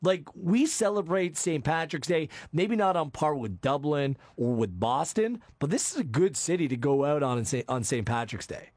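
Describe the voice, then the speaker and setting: Man, slightly high voice, dry close mic, quick and teasing sports podcast host. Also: lively intonation, darkish tone, dry recording. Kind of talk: casual sports podcast chat.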